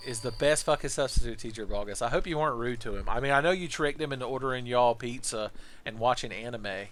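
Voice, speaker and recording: A man's voice: medium pitch, a bit bright. Joking, profane male game streamer. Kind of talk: casual live-stream commentary.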